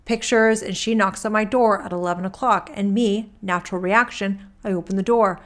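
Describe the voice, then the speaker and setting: A woman reads a court transcript aloud in a mid-range voice, keeping a steady tone at a moderate pace. Her performance is lightly acted as she voices a male witness giving deposition testimony, who rambles and restarts his sentences in casual talk.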